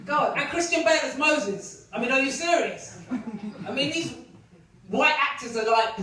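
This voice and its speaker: A woman's voice: fairly high pitch, sharp tone. A woman performing a stand-up comedy set in a club, with a brash, mocking, punchy delivery. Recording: echoey club recorded from far off. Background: audience laughter.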